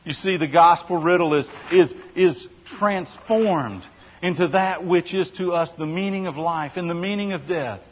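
A man's voice: on the high side, moderate pace, slightly rough. A male pastor preaching a sermon in an earnest way, often restarting phrases and asking rhetorical questions. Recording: dull sound with long hall reverb.

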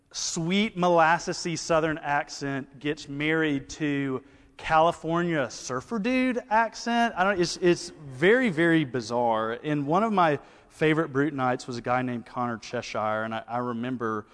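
Alabama man talking in a reverberant hall. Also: medium pitch. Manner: conversational, many fillers. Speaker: campus pastor. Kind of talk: ministry talk with anecdotes.

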